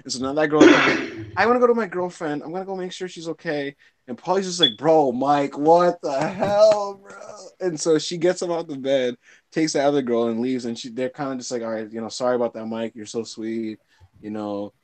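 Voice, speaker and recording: A young man hosting a casual chat, recapping a story in an animated way, full of "like" and bursts of laughter. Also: mid-range voice, a little fast. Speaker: podcast host.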